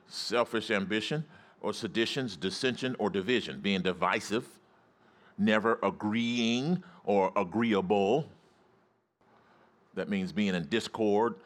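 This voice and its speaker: A man preaching a sermon as pastor in a church, calling out to the congregation and rising into excited shouts. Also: lowish voice. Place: church sanctuary.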